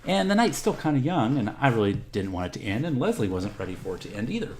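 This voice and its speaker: A man's voice: mid-range voice, very animated, quick pace, a little mellow, a little hiss or hum. A middle-aged man from Texas, hosting a podcast and telling a personal story in a candid, profane, rambling way. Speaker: podcast host. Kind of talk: casual storytelling.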